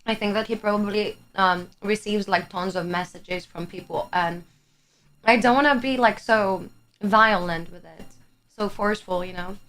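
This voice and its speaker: A young woman from Greece, Greek being her first language, chats with her live chat on a stream, her mid-range voice slightly bright and her pace moderate. She is talkative, laughs often, and drops casual swears, with faint music behind her.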